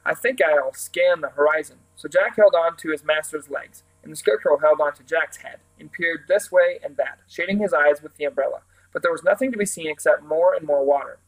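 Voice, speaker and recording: A man narrating a children's storybook aloud in a steady, plain way. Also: a little high, brisk, few pauses, rough recording. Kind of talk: reading a children's book aloud.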